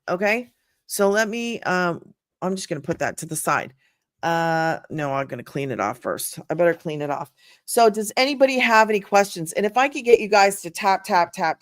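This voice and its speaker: This is an older woman hosting a casual sales live stream, talking straight to her viewers. She chats, repeats herself, and thanks people by name at a middling pitch. The sound is close and dry, with no room echo. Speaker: livestream host selling an online business program. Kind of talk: casual livestream sales talk.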